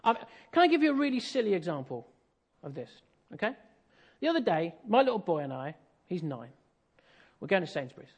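Animated English preacher with a lively voice. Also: male voice, sits high, a little fast, breathy edge. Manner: animated, conversational, self-deprecating humour. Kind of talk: sermon with personal storytelling.

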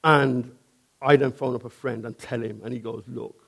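A man's voice: mid-range voice, fairly even intonation, moderate pace, creaky, a bit bright. A man, a painter and decorator, earnestly telling a personal testimony in a conversational way and often checking in with his listener.

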